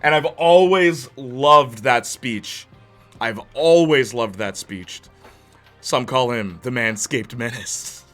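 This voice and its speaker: Excited man rambling on stream. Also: mid-range voice, takes it slowly, soft background music. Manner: excited, rambling, geeking out over games. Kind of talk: casual chat on a live stream.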